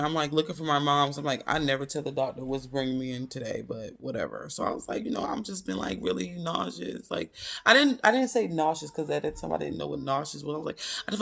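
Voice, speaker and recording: Young woman, vlogger, casual storytelling, animated quoting, bright tone, gravelly fry. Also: sits low. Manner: animated, quotes people in raised voices, drawls "baby".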